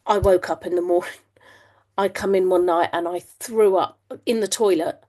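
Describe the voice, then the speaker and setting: A woman's voice: fairly low pitch, steady tone, normal speed, darkish tone. A woman in her fifties from England, telling her own story as a podcast guest in a chatty way, with frequent ums and restarts. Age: 50s. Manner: chatty, laughs often, many ums and restarts. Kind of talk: candid storytelling.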